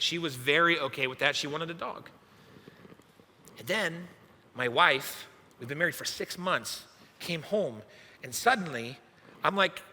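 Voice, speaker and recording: A young male youth pastor delivers a sermon through a self-mocking personal story. His voice is slightly high and strikingly bright and forceful. It carries the long reverb of a church hall. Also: moderate pace, pauses often. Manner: animated, self-mocking storyteller acting out his own past lines.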